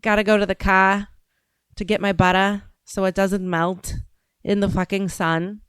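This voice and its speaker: A woman's voice: mid-range voice, flat delivery, a little slow, clean tone, no room sound, natural voice. A woman putting on a Boston accent to play an exasperated local heading to the car. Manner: exaggerated, cursing.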